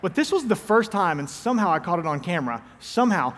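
A man in his thirties with a high-pitched voice preaches to his congregation in a loose, conversational way, full of self-mocking jokes. His words ring out with a long reverb from a large church hall. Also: very animated, fast, a bit bright. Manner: joking, self-deprecating storyteller. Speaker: pastor. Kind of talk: conversational sermon. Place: church sanctuary.

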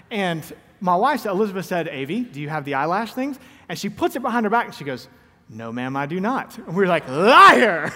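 A man's voice: sits high, in a large hall. A man in his thirties, a pastor preaching a conversational sermon in a church, joking and poking fun at himself. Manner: joking, self-deprecating storyteller. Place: church sanctuary.

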